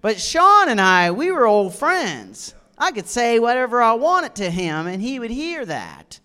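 A man's voice: extremely high pitch, unhurried, smooth. A man preaching a sermon, telling jokey stories from his own life and acting out the dialogue. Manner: lively, jokey storyteller who acts out dialogue. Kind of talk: humorous storytelling sermon.

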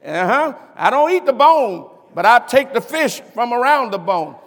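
A man preaching a sermon, rising to shouted emphasis and calling out questions to the congregation. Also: very high-pitched, big pitch swings, normal speed, big-room sound.

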